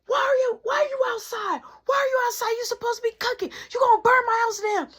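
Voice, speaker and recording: Woman doing a shrill yelling mother. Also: steady tone, quick pace. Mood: scolding. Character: scolding exasperated mother, middle-aged woman.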